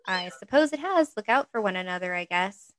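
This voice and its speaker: A woman reading aloud gives voice to a sharp-tongued young woman who is quick to scold, her voice pitched up and pushed louder when she gets exasperated. The storybook voice sits in a dry, close space. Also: animated, no room sound, lightly acted.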